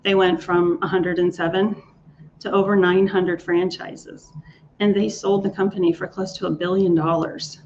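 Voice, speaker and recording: A leadership coach with a low, gravelly voice tells coaching stories in a speaker interview. Her delivery is flat and slightly mellow at a normal speed, yet she's enthusiastic, repeating and restarting words. The recording is dull and lo-fi with faint noise.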